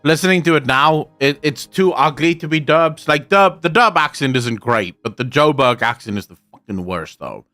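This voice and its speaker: A man's voice: fairly high pitch, animated, normal speed, few pauses, sharp tone, faint music behind. A South African man chatting casually on a live stream, rambling and swearing freely while he answers his chat. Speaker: game streamer.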